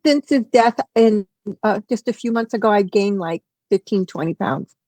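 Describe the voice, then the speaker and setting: A woman speaks on a video call. She talks haltingly and emotionally, stopping and restarting, and her voice sounds dry, with no room echo. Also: medium pitch, darkish tone. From New York, Queens. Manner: halting, emotional, self-interrupting. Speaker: reading participant.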